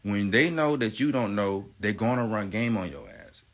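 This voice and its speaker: A man's voice: fairly low pitch, animated, normal speed. A man on a livestream, ranting insistently in a rambling, profane way and repeating himself. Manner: emphatic, insistent. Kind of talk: livestream rant.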